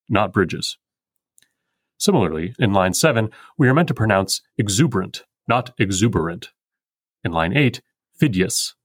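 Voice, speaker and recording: A man hosting a poetry podcast, explaining meter in a measured, precise, scripted way. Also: lowish voice, breathy edge, dry recording, clean studio sound.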